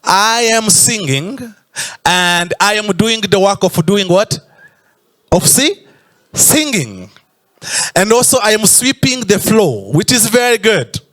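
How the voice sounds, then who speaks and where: A man's voice: high voice, very animated, slow pace, a bit bright. A man preaching a sermon in church, stretching out emphatic phrases and sometimes breaking into a sung tone. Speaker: pastor.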